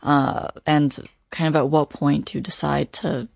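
A woman interviewer who asks gentle, encouraging questions. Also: low-pitched, flat delivery, a little slow, vocal fry, dry recording. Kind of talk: conversational interview.

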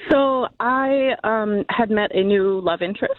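A woman's voice: medium pitch, a little slow, no echo. A woman calling in to a radio show, telling a story hesitantly with many restarts. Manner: hesitant, giggly, lots of restarts. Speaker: caller. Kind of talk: phone-in story. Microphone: phone. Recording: dull phone-line audio.

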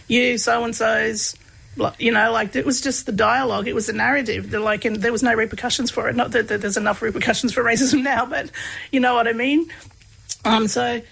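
Gravelly-voiced woman telling stories. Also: a little high, fast, poor audio. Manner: relaxed, many fillers, laughs while telling stories. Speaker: interview guest, researcher. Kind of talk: casual conversational storytelling.

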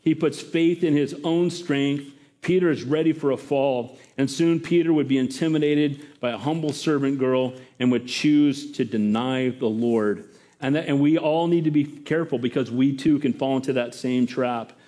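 Lively pastor preaching a sermon. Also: male voice, medium pitch, moderate pace. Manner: lively, talks to the congregation with questions.

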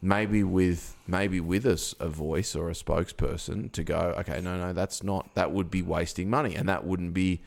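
A very deep, gravelly man in easy radio chat. He rambles, restarting his thoughts as he goes. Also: fairly even intonation, moderate pace, few pauses. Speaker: radio co-host. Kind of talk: casual chat.

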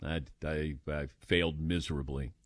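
An older man hosting a call-in radio show, telling stories about himself with animated, self-mocking humor. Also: very deep voice, normal speed, no echo, clean studio sound.

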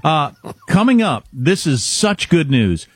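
A husky man co-hosts a radio talk show, spinning wry, mocking anecdotes. His pitch sits fairly high and moves animatedly. The sound is dry and close from a studio mic. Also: sing-song, slow pace, fairly bright tone, dry recording. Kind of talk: casual banter on talk radio.

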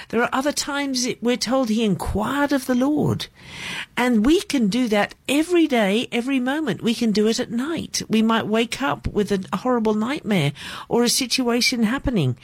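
A woman hosting a short devotional talk, speaking gently and pastorally to the listener. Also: a little high, expressive, moderate pace, no room sound. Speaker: radio devotional host.

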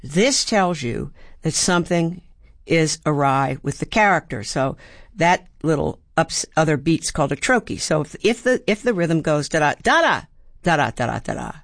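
A woman's voice: deep voice, lively intonation, unhurried, no echo, studio quality. A woman in her seventies from Baltimore, an actor and playwright, speaking thoughtfully as an interview guest and acting out the voices she quotes. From Baltimore, USA. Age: 70s. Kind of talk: reflective interview storytelling.

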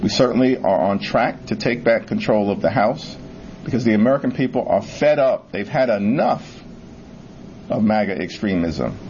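Politician guy at a presser, lowish voice, kinda dull audio with faint rumble. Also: animated, normal speed, darkish tone. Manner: firm, punchy statements. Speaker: politician at a news conference. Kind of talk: press conference remarks.

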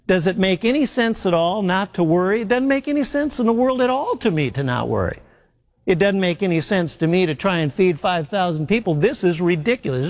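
Preaching man in a reverberant hall. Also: sits high. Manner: earnest, emphatic, repeats key points slowly. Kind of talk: sermon.

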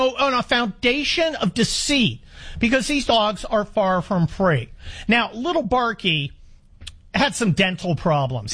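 A man's voice: high-pitched, a bit bright. A man in his sixties hosting a talk radio show, speaking in a wry, rambling monologue full of restarts. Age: 60s.

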